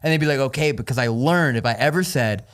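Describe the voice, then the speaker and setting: A man's voice: medium pitch, expressive, quick pace. Chatty male channel host. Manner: chatty, asks questions. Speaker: ghost hunting channel host. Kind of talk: live podcast chat.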